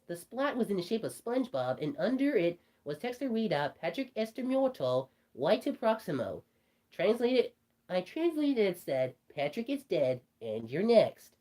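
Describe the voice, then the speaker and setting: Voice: mid-range voice, warm tone, natural voice. A performer voicing a cartoon rabbit telling a creepy story, rambling with stumbling restarts. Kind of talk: storytelling in character.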